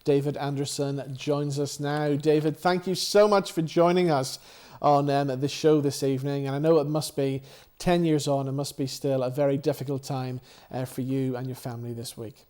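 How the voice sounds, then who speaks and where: A man's voice: medium pitch, steady tone, normal speed, mellow. A man hosting a TV chat show, introducing a guest and asking questions. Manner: brief encouraging interjections, smooth scripted links. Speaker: TV show host.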